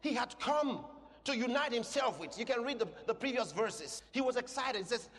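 A man preaching a sermon with passion, swinging between loud shouts and quieter asides. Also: very high-pitched, lively intonation, brisk. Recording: long hall reverb.

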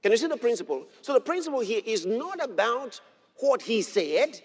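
A man preaching a sermon as pastor, emphatic and building to shouts. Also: very high voice, big pitch swings, normal speed, slightly rough. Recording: long hall reverb.

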